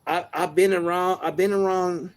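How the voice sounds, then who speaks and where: Casual and reflective, a Detroit man talks through a livestream monologue at a normal pace, using lots of slang and filler phrases. He's soft-spoken, with a high-pitched, even-toned voice.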